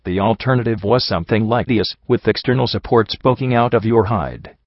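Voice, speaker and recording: A man voicing a gentle, earnest female pegasus doctor who speaks softly and matter-of-factly, recorded dry and a little dull. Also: lowish voice, lively intonation, fairly quick, no room sound. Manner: soft, matter-of-fact reassurance.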